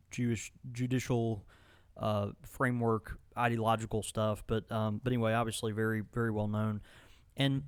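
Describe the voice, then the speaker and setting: A man's voice: fairly low pitch, smooth, no echo. A man co-hosting a podcast in casual chat, rambling with many fillers and restarts. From Mississippi. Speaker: podcast co-host.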